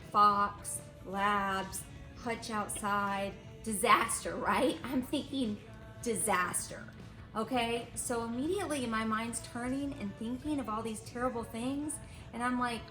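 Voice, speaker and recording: Animated middle-aged mom, higher voice. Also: female voice, roomy sound, poor audio. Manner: animated, repetitive storytelling. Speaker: mother and animal vlogger. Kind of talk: casual storytelling vlog.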